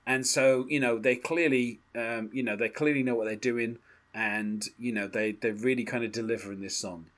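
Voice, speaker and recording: A male co-host of a casual music podcast talks loosely in a mid-range, fairly bright voice with fairly even intonation and normal speed. He's chatty, uses many fillers and little laughs, and reads lyrics aloud.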